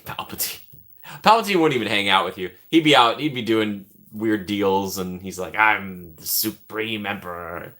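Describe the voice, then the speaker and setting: Guy on a live stream rambling w/ chat, kinda low but bright, sharp tone, jokey. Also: lively intonation, moderate pace. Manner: rambling, thinks out loud, jokey.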